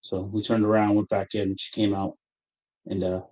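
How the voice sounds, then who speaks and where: A man with a husky, slightly breathy voice tells a long, profane story among friends, bursting out loud as he acts out his own angry lines. The recording is dull and lo-fi. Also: on the low side, little pitch movement, normal speed. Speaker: player telling a story. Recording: dull lo-fi audio.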